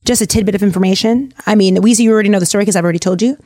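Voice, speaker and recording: A woman's voice: mid-range voice, very fast, dry recording, clean studio sound. Chatty woman retelling a story. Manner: chatty, jokey, animated. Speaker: podcast host. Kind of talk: casual storytelling chat.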